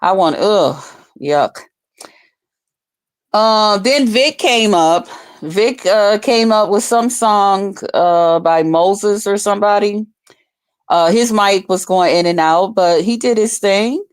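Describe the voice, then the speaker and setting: Woman vlogger, mid-pitched voice, blunt and profane, breaks into loud excited outbursts. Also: slow. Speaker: vlogger reviewing a livestream contest. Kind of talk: casual commentary.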